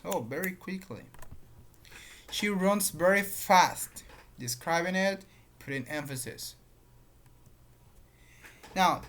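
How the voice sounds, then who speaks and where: Slow teacher. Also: medium pitch, fairly bright tone. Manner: repeats patterns, explains with examples. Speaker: English teacher. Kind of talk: grammar lesson.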